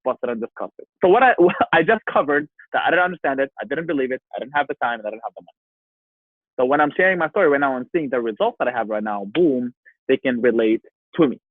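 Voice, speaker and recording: A man with a fairly high voice leads an emphatic sales training, repeating his key points and checking in with "right?". The sound is tinny and narrow like a phone line, with no room echo at all. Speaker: team leader giving a sales training. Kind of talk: motivational sales training talk.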